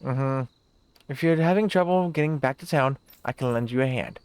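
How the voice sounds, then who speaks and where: A game streamer casually talking through a live stream, reading in-game text aloud, thinking out loud and laughing easily. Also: medium pitch, moderate pace, clean tone, no room sound.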